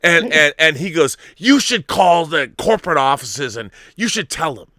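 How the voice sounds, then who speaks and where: Animated storytelling man, bright voice. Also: fairly high pitch, normal speed, no room sound, clean studio sound. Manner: animated, swearing, acts out the people in his story. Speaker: podcast host. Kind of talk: casual storytelling chat.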